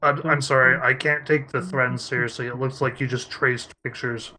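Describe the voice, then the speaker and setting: A man chatting casually as a player in an online tabletop game, full of deadpan, sarcastic wisecracks. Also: mid-range voice, normal speed.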